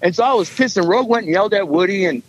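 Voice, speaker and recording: A man's voice: sits high, animated, rapid-fire, muffled recording. A man, a musician and filmmaker, telling rambling stories in casual chat and acting out what people said. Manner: rambling storyteller, acts out quotes.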